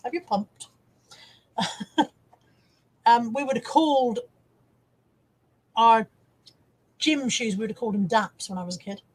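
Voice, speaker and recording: A middle-aged woman with a slightly high, husky, breathy voice hosts a live stream from home. She chats away and teases her viewers by name as she reads out their comments. It sounds relaxed and unscripted. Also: a little slow, long pauses, poor audio. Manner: chatty and teasing, reading out viewer comments. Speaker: live-stream host and eBay reseller. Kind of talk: casual live-stream chat. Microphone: camera on a wire, close by.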